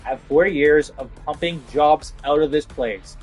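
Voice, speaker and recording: A young adult male vlogger, his voice a little high and his pace unhurried, vents to camera about losing his job. He's frustrated and sweary, packs in "like" fillers, and faint music sits behind him.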